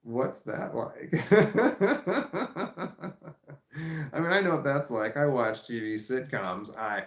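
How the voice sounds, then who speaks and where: A man's voice: medium pitch, vocal fry, fairly bright tone, reverberant. A man hosting a casual livestream, reading viewer comments aloud and rambling about them with frequent laughs. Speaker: livestream host reading chat.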